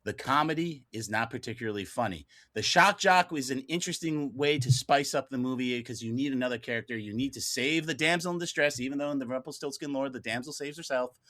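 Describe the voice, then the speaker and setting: A man's voice: medium pitch, fast, few pauses, fairly bright tone. A man arguing the prosecution's case on a podcast in an exasperated, profane rant. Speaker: prosecutor in a mock movie trial. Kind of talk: casual podcast debate.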